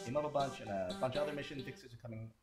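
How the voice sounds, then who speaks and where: A man's voice: medium pitch, very fast, over loud music. A man hosting a live stream in casual chat, reading out names with a chatty manner.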